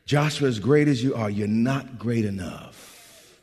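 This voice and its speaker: A middle-aged male pastor preaching a sermon, going from low, quiet passages to loud, shouted exhortation. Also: a little slow, husky, long reverb tail.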